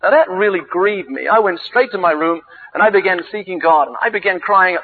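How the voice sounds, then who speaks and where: High-voiced preacher on a tinny recording. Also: male voice, a little fast. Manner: animated, theatrical, with sudden jumps in pitch and volume. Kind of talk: sermon with dramatic storytelling.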